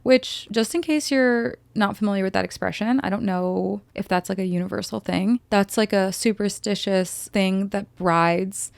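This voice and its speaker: A woman's voice: medium pitch, creaky, no echo. A young adult woman hosting a podcast, recapping and reviewing a film in a casual, chatty way with sarcastic asides. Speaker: podcast host.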